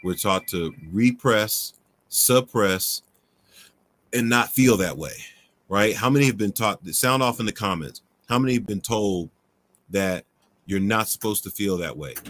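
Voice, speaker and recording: A man's voice: sits low, a bit bright. A man hosting a faith-based livestream, answering viewer questions in a conversational way with frequent "right?" and fillers. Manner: conversational, asks "right?" often, many fillers.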